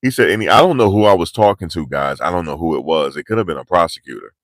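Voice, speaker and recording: Male vlogger, low voice, animated and slangy, live outdoors, dry close sound. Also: quick pace, no room sound. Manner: animated, slangy, pushing energy. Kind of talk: live street commentary. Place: outdoors in cold, rainy weather.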